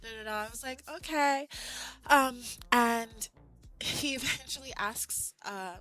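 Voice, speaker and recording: A woman streamer telling a story in casual chat, animated and laughing, with lots of "like". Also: fairly high pitch, unhurried. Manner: animated, laughing, heavy use of "like". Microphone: streaming mic.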